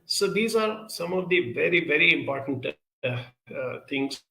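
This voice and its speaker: A man speaking at a conference, earnest and advising, pausing often with hesitations as he answers audience questions. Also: on the high side, animated, creaky, sharp tone, echoey room, low-quality recording.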